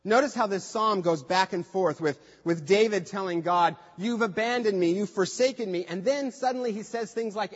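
A man's voice: high-pitched, normal speed, hardly any pauses. A man preaching a sermon in a conversational way, acting out quoted voices with light humor. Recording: dull lo-fi sound with long hall reverb.

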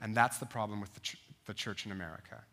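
A man in his fifties preaching a sermon as pastor, telling stories with lively asides to his congregation. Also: on the low side, fast talker. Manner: animated storytelling, asides to the congregation.

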